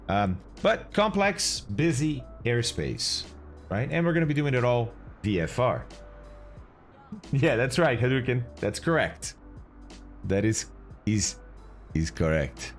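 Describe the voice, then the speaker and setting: A man streaming a flight simulator in casual live chat, greeting viewers and explaining as he goes. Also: medium pitch.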